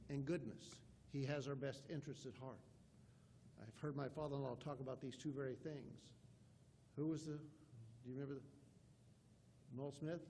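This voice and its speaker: A man's voice: medium pitch, a little mellow, slight background noise. A man, a pastor, preaching an emphatic sermon and reading scripture aloud in old-fashioned wording from a church sanctuary.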